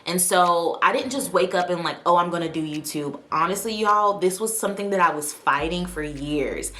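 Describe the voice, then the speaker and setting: A woman's voice: on the low side, moderate pace, bright, forceful tone. A woman vlogger chatting to camera from her desk in a spontaneous, heartfelt way. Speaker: vlogger and aspiring actress. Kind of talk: casual chat to camera.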